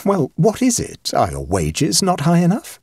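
A man voicing a skeptical young gentleman painter, brisk and questioning. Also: on the high side, huge pitch swings, husky, dry recording, clean studio sound, pitched above the performer's own voice, heavily acted. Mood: impatient.

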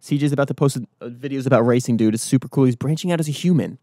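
An energetic man hosting his own daily vlog. He rambles from thought to thought and keeps slipping into motivational pep talk. His voice sits in a middle pitch and sounds dry and close. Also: racing, no room sound. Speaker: vlogger and podcast host. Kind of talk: casual solo vlog talk. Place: outdoors early in the morning.

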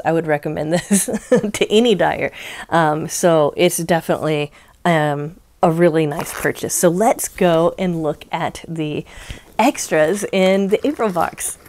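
A chatty woman hosts a casual crafting unboxing vlog, her voice sitting a little low. She rambles along with plenty of ums and laughs easily as she talks. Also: fairly even intonation, unhurried, a little mellow. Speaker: crochet channel host.

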